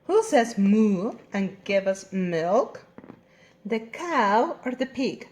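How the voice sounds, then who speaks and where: Slow, lively Spanish-accented kindergarten teacher. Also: female voice, mid-range voice, echoey room. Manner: slow, sing-song, encouraging teacher talk. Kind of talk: recorded online lesson for young children.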